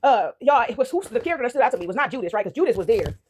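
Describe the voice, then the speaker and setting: Fast-talking woman rambling about faith. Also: fairly high pitch, big pitch swings, darkish tone, a little hiss or hum. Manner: rambling, says "right?" and "y'all" constantly; laughs often while telling. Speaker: video creator sharing faith reflections. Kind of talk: casual spoken reflection on Bible stories.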